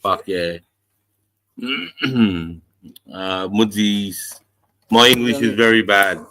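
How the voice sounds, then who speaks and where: A man's voice: lowish voice, very slow, sharp tone. A middle-aged Australian man hosting a casual livestream, greeting viewers in a laid-back, sweary way. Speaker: livestream host.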